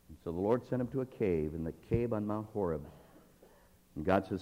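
A man's voice: deep voice, expressive, a little fast. Preaching man in a reverberant hall. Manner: dramatic swings from hushed to loud. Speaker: pastor. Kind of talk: sermon.

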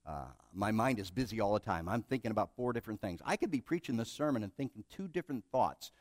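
A middle-aged man preaching a sermon, telling stories with self-deprecating humor and swinging between hushed and loud passages. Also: lowish voice, animated, fast talker, no room sound. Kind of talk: sermon with storytelling.

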